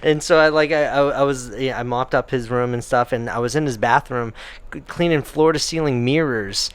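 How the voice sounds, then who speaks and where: A man co-hosting a casual podcast, with a smooth, resonant voice at a middle pitch. He tells stories with energy, acting out other people's lines and laughing often. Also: normal speed. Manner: animated storyteller, acts out quotes, laughs often. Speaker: podcast co-host. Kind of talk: casual chat.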